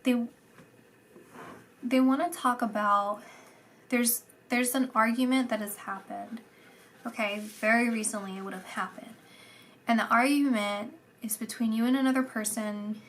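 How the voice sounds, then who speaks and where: Slow, soft-spoken woman giving a psychic reading. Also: a little high, steady tone, a little hiss or hum. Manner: soft and meandering, repeating words, dropping into whispers. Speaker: psychic reader. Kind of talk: channelled psychic reading to camera.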